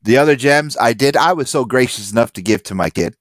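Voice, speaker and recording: A man co-hosting a podcast in casual chat. He tells stories with animated energy and acts out the people he quotes. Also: mid-range voice, fairly quick, dry recording. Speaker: podcast co-host and comic collector.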